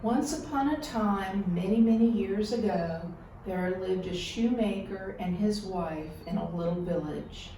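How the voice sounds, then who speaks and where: A woman storyteller telling a folktale in an expressive, deliberate way. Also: mid-range voice, distant mic, a little hiss or hum. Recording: roomy echo, voice off-mic.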